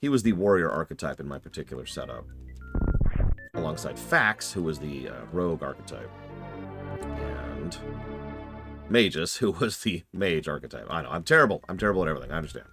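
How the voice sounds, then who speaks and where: A man's voice: extremely low pitch, big pitch swings, fairly quick, creaky, long pauses, music in the background. A man streaming live, casually answering chat questions in a rambling, self-deprecating way.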